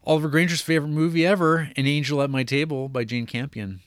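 A man's voice: on the high side, fairly even intonation, fast, dry recording. A man co-hosting a podcast, reading out film releases with dry, wry humor. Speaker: podcast co-host. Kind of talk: casual chat.

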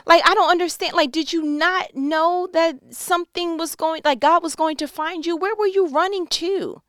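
A woman's voice: very high voice, steady tone, moderate pace, fairly bright tone, no echo, studio quality. A woman preacher giving a casual, slangy, joking sermon.

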